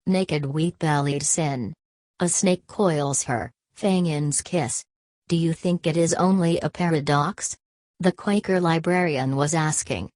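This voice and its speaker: A woman narrating a literary audiobook in a measured, steady reading style. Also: deep voice, no room sound.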